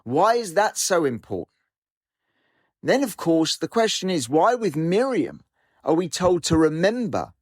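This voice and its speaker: Animated man teaching Torah. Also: a little high, a little slow, no room sound, clean studio sound. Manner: animated storyteller, poses questions. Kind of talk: Torah class talk.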